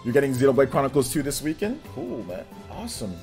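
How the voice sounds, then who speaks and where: A man with a mid-range, sing-song voice that's a little mellow talks at a quick pace while hosting a casual livestream. He's chatty and laughs often, reading viewers' comments and answering them directly, with faint game music in the background.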